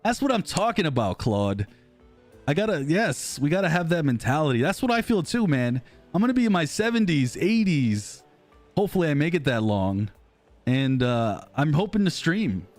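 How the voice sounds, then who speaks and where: A man's voice: on the high side, very animated, moderate pace, darkish tone. Chatty American man streaming, faint music. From United States. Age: 30s. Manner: chatty, self-deprecating, rambling. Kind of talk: casual live-stream chat reading comments.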